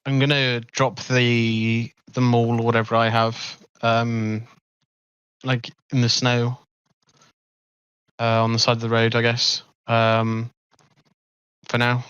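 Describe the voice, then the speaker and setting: A man with a smooth, clear voice chats tentatively as a player in a tabletop game. The recording is dry and a little dull. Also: medium pitch, monotone, takes it slowly, long pauses, a bit bright, dry recording. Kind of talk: casual game chat.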